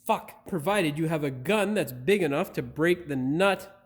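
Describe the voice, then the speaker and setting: Man, middle-aged, high-pitched, car repair host, curses a lot, keeps flubbing lines. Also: a little slow, breathy edge. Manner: swears often, flubs lines and restarts, laughs at himself. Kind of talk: blooper reel of voice-over takes.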